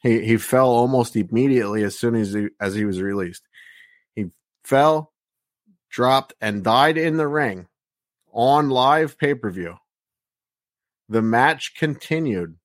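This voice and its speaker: A man reviews wrestling on a casual podcast in a blunt, profane way, peppering his talk with "like" and "you know." His voice sits at a middle pitch and sounds dry and close. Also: measured pace, long pauses, no room sound. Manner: blunt, heavy swearing, frequent "like" and "you know".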